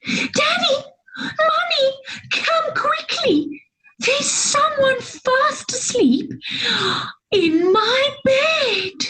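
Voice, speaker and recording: Woman doing a squeaky sobbing baby bear. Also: animated, drawn-out words, bright, forceful tone, a little hiss or hum, full character voice, rough recording. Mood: alarmed. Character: small crying baby bear.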